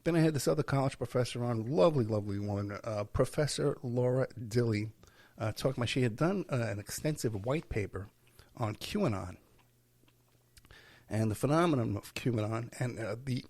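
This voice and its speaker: A man's voice: mid-range voice, moderate pace, darkish tone. A man hosting his own podcast, rambling casually from home, tired, breaking off mid-sentence and chuckling to himself. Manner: rambling, self-interrupting, with chuckles. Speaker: podcast host. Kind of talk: casual solo podcast monologue. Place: at home while packing.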